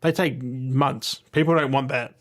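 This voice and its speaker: Blunt vlogger, rambling and offhand, mid-range voice. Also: male voice, mid-range voice, fairly even intonation, unhurried. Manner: blunt, swears casually, digresses and restarts often. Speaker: YouTuber showing his weekly movie and game pickups. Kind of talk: casual rambling to camera.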